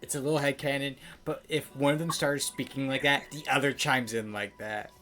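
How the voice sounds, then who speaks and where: A woman streamer in excitable, joking casual chat over a game. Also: extremely low pitch, moderate pace, soft background music.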